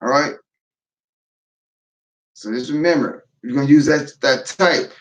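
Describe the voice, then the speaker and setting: A man hosting a casual livestream, talking in a tired, low-energy way and often repeating and restarting his phrases. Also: measured pace. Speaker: livestream host, veteran prepper.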